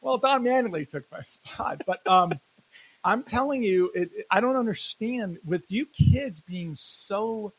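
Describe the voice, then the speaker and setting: Gravelly, animated man ranting about baseball. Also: high voice, unhurried, rough recording. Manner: animated, laughs often, jokey rants. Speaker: podcast co-host. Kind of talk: casual sports chat.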